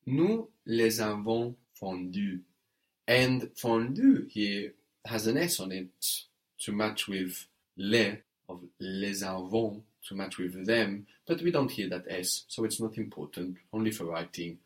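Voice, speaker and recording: A man's voice: fairly low pitch, expressive, takes it slowly. A man giving a one-on-one French lesson, patiently prompting and correcting step by step. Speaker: French teacher.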